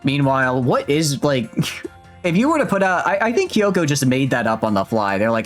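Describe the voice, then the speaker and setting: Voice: mid-range voice, big pitch swings, moderate pace, soft background music. A streamer rambling and joking through casual commentary on a game, laughing often.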